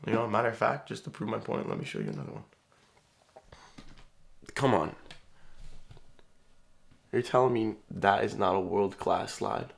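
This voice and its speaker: Young guy vlogging about his day, deep gravelly voice, bouncy up and down delivery, swears n laughs a lot. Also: expressive, moderate pace, long pauses. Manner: laid-back, laughing, swearing casually. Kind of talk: casual vlog chat.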